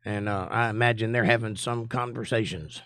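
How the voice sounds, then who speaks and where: A man's voice: on the low side, steady tone, moderate pace, a bit bright, smooth, no echo, studio quality. A man in his forties with a Southern US accent, hosting a livestream and chatting in a folksy way with viewers. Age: 40s. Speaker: host. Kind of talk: casual livestream chat.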